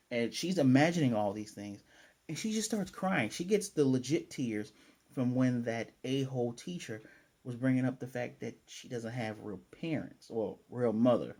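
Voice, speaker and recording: A man at a middling pitch talks through an anime episode in a relaxed, chatty recap. His voice is warm and dark in tone. He corrects himself often and drops in playful asides along the way. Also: normal speed. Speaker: anime reviewer.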